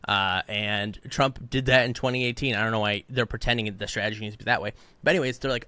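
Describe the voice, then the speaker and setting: A male podcast co-host in full rant mode, fired up and exasperated. His voice sits at a middling pitch and is recorded close and dry with no room sound. He keeps slipping into mocking put-on voices of the people he quotes. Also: fast talker, sharp tone, dry recording. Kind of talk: heated political commentary.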